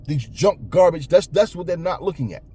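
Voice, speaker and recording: A man's voice: a little high, animated, normal speed, mellow, slightly rough. A man ranting bluntly about boxing in casual talk, cursing often and stumbling over repeated words. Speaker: boxing commentator. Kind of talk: casual opinion rant.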